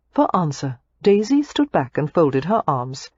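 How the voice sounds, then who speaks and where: A woman narrating a romance audiobook in an expressive, scripted reading. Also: low-pitched, unhurried, husky, no echo, muffled recording.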